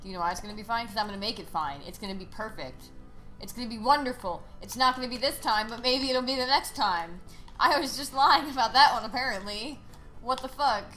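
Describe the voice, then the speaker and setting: A woman streaming a video game live, ranting sarcastically and swearing with loud frustrated outbursts. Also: fairly high pitch, brisk, faint music behind. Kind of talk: live gameplay commentary.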